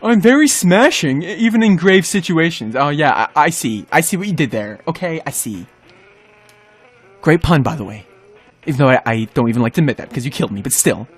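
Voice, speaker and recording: A man giving excitable gameplay commentary as a gaming video host, yelping and shouting at the game and talking to the enemies. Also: fairly high pitch, brisk, husky. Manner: talks to himself and the enemies. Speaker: gaming YouTuber.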